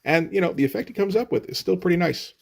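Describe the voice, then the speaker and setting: A man's voice: sits high, animated, fast, creaky. A man reviewing comic books in casual, profane commentary, with frequent "uh"s and "like"s. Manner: casual and profane, often says "uh" and "like".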